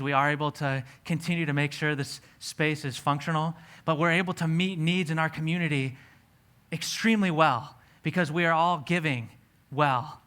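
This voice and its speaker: A young man preaching to a church, his voice bright and forceful with a smooth, clear tone sitting a little high for a man. He tells personal stories and acts out his own past words with animation. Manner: storytelling, animated when quoting himself. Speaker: pastor. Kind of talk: sermon.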